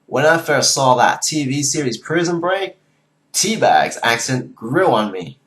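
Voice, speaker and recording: A man's voice: mid-range voice, very animated, measured pace, a bit bright, pitched below the performer's own voice. A man putting on a Southern US accent, speaking as a drawling, emphatic Texan. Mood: boastful. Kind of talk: accent impression.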